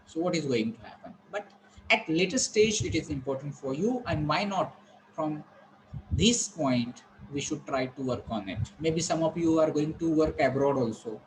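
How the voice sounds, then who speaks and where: A man's voice: a little high, animated, normal speed, slight background noise, poor audio. A man teaching a pronunciation lesson, drilling words and asking the class rhetorical questions.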